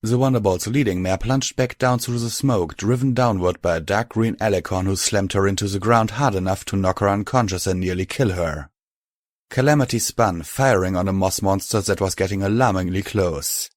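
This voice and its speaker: Male audiobook narrator, lowish voice, dry close sound. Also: moderate pace, no echo. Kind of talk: scripted narration.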